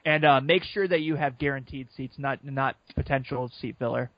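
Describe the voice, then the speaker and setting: A man co-hosting a casual sports podcast, telling an excited story and quoting people as he goes. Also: medium pitch, moderate pace, no room sound. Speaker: podcast co-host. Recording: muffled lo-fi sound.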